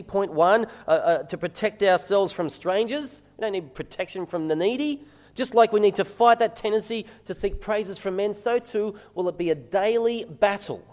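Guy preaching a sermon, kinda high voice, chatty with lots of questions to the room, big echoey church hall. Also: a little mellow. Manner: conversational preaching with rhetorical questions. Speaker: minister.

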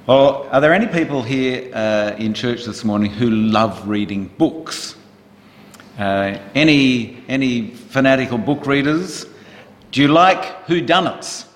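A man's voice: medium pitch, unhurried. A man preaching a sermon in church, chatting with the congregation and asking them questions in a conversational way. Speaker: pastor. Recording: roomy church hall reverb.

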